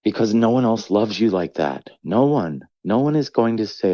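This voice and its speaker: A man's voice: on the low side, lively intonation, normal speed, dark tone, dry recording, highs cut off. A middle-aged man, a comedian, speaking candidly in a podcast conversation, reflective and rambling, acting out quoted voices. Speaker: comedian guest.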